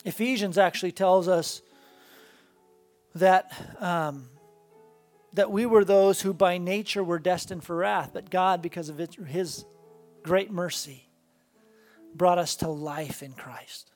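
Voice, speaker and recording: A woman's voice: lowish voice, takes it slowly, pauses often, darkish tone, soft background music. A woman pastor preaching a sermon to a congregation in a church, earnest and building with rhythmic repetition. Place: church sanctuary before a congregation.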